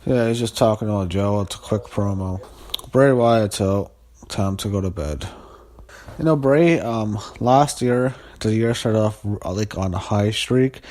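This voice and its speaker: Casual low-voiced man recapping wrestling. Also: measured pace, mellow. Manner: loose and rambling, many fillers, blunt and profane. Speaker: wrestling show reviewer.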